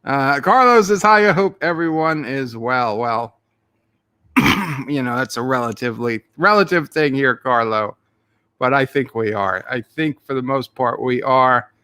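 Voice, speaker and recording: A man with a mid-range, clear, resonant voice and a sharp tone hosts a livestream at a measured pace. He reads out chat messages in a jokey, rambling way, putting on an Irish-Australian accent and playful silly voices.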